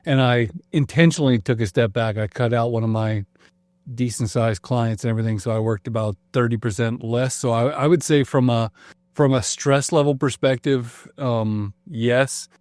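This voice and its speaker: A man's voice: medium pitch, steady tone, normal speed, a little mellow, no echo. A man guesting on a casual podcast, friendly and reflective with a dry sense of humor. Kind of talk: casual chat.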